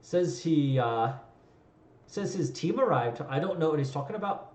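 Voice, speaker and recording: A man's voice: fairly high pitch, animated, normal speed, darkish tone, reverberant. Man narrating a tabletop game. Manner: loose, rambling descriptions. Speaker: game master.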